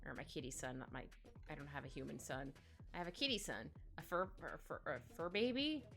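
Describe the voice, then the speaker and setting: A woman's voice: deep voice, animated, fairly quick, creaky. A woman chatting casually while she draws on a live stream, rambling and giggly, with many little asides. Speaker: digital artist streaming her drawing. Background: soft background music.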